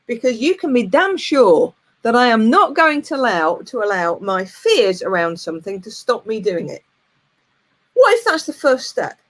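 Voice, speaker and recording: A woman in her forties, a coach giving a lively, plain-spoken motivational talk and telling a frank personal story. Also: a little high, moderate pace. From United Kingdom. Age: 40s.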